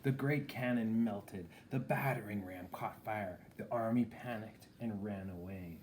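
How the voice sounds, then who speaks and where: A man reading a bedtime story aloud, with chatty, lively asides. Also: on the low side, measured pace, few pauses, a little hiss or hum.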